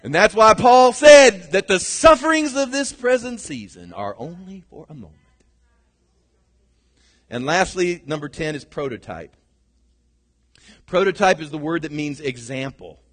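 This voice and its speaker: A middle-aged male pastor preaching a sermon, swinging from shouted lines to hushed ones. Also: high voice, big pitch swings, measured pace, pauses often. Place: church sanctuary. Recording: long reverb of a large hall.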